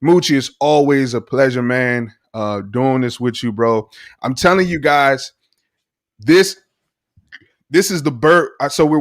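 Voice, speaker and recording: Animated male co-host, casual enthusiastic sports talk. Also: medium pitch, dry recording, clean studio sound. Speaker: podcast co-host.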